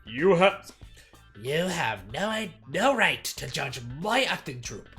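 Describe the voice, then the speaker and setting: A pompous, nasal theater director who snaps every line slowly and loudly, as a streamer puts him on. His pitch swings widely. Faint guitar music plays behind him. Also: big pitch swings, full character voice. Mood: indignant. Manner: angry, slow, pompous snapping. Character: hot-tempered middle-aged male theater director. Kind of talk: voicing a game character while reading aloud.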